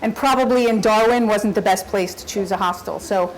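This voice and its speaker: A woman telling a personal story on stage at a live event, animated and often laughing. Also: mid-range voice, brisk, rough recording. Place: story slam stage before an audience.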